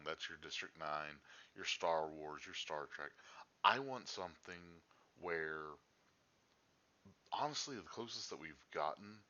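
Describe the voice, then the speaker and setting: A man with a very deep yet sharp, forceful voice talks casually on a podcast. He thinks aloud and hesitates with fillers. His dull, lo-fi mic muffles the top end. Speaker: podcast co-host. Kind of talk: casual chat.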